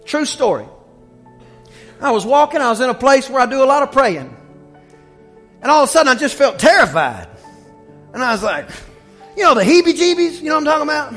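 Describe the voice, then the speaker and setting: High-voiced man preaching a fiery sermon. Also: very animated, faint music behind. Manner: preaching with rising shouts and quick asides. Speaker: pastor.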